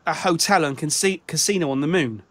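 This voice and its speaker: A man's voice: on the high side, a little fast, fairly bright tone. A British man hosting a casual chat about music, often stopping and restarting his sentences. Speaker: show host.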